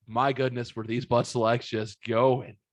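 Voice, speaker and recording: A man in his thirties tells a rambling, profane story on his podcast and acts out every voice in it. His voice sits mid-pitch, and the recording is close and dry, with no room echo. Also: unhurried. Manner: profane, animated storyteller acting out quotes. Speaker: podcast host. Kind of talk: casual storytelling.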